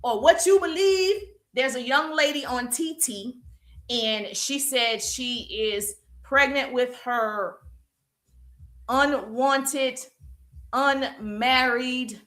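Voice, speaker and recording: High, bright-voiced energetic woman coach. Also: slow. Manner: energetic, emphatic, animated with repeated "okay?" and "right?". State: warm and perspiring from exercise. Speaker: business coach. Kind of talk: live-streamed coaching talk. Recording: echoey room.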